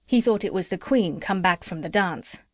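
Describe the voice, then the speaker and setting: A woman narrating a classic children's storybook in a gentle, measured way. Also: lowish voice, no echo, studio quality. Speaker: audiobook narrator.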